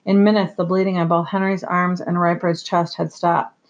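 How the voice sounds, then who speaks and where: A steady, measured audiobook narrator with a gravelly voice at a middling pitch. The sound is slightly dull and muffled, like a modest home recording.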